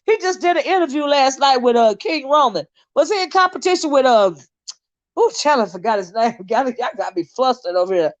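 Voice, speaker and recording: Woman streamer with a high voice, chatty and giggly, roasting her chat, muffled dry sound. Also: lively intonation, a little fast, no echo. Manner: laughs often, teases her chat, sidetracked and rambling. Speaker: livestream host. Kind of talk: casual live-stream chat reading viewer comments.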